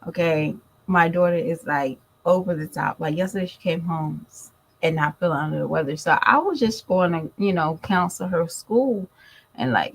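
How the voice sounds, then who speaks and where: A middle-aged woman vlogging in a relaxed, chatty way, calling her viewers y'all as she tells a family story. Her voice sits low with a gravelly fry and a husky edge. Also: normal speed, low-quality recording. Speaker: vlogger and mother. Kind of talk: casual chat to viewers.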